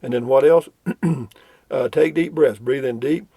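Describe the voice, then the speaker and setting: A man's voice: medium pitch, a little slow, mellow, slightly rough, no room sound. An older man, rambling and chuckling as he reads viewer comments in a casual vlog from a road trip. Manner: folksy, rambling, chuckling often. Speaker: vlogger reading viewer comments. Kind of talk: casual chat.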